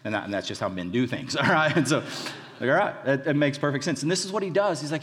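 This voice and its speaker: A man's voice: mid-range voice, expressive, quick pace, fairly bright tone. A man, a college pastor, giving a conversational sermon full of fillers and restarts. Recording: reverberant hall.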